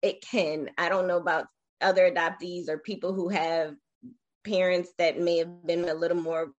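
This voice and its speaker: Interview guest: woman, 40s, slightly low voice, reflective, halting, earnest storytelling. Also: level tone, highs cut off. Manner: reflective, emotional, halting with fillers.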